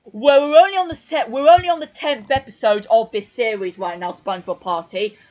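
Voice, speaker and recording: A YouTube creator giving rambling, self-mocking live-stream commentary, full of ums. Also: male voice, extremely high pitch, fairly quick, darkish tone.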